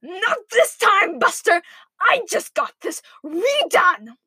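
Woman voicing a panicky, shrill pig. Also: big pitch swings, measured pace, fairly bright tone, dry recording, clean studio sound, full character voice. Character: panicky house-proud male pig.

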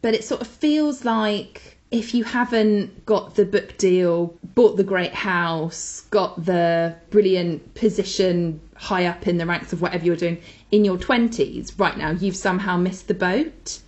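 A woman's voice: on the low side, measured pace, a little mellow. A woman co-hosting a chatty podcast, talking with gushing enthusiasm about things she recommends. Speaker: podcast co-host. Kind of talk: casual chat with recommendations.

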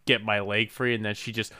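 A man's voice: on the low side, bright, forceful tone, clear, resonant tone, no echo, studio quality. A man co-hosting a casual chat who laughs often, swears and mocks the characters. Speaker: podcast co-host.

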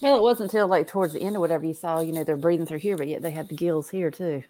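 A woman's voice: sits low, racing, mellow. A woman co-hosting a podcast, thinking aloud in casual chat with lots of fillers. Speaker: podcast co-host.

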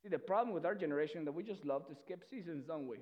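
A male pastor preaching a sermon with energy, often repeating words and swinging between loud and soft. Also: on the high side, quick pace. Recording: dull lo-fi sound.

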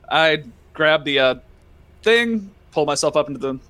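Joking high-voiced man. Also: animated, unhurried, sharp tone, slight background noise. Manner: joking, laughs between remarks. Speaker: player. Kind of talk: tabletop game play.

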